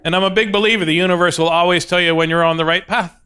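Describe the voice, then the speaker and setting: A man in middle age telling a stand-up story onstage, laughing at his own jokes and slipping into the voices of the people in it. His voice is smooth and clear and sits a little high for a man. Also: steady tone, very fast, sharp tone. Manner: self-deprecating, acts out dialogue, laughs at own jokes. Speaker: stand-up comedian. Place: stage before a live audience.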